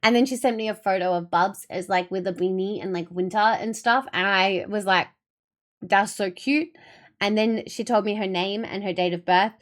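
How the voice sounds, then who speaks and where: A woman's voice: medium pitch, fairly even intonation, a little fast, few pauses. A young adult woman streamer chatting casually with her viewers, telling a long, emotional story in a rambling way.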